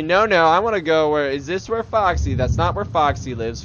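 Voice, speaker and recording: A man's voice: a little high, animated, moderate pace, hardly any pauses, fairly bright tone, highs cut off, a little hiss or hum. A man giving casual, self-mocking commentary while playing a horror video game, laughing often. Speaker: let's player.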